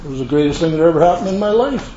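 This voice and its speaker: A man's voice: fairly high pitch, animated, racing, dark tone. An older man tells his recovery story to a live audience in a rambling, earnest way with folksy asides. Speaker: recovery meeting speaker. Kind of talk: personal testimony to a live audience. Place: meeting room with an audience. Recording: echoey room, dull lo-fi sound, faint hiss.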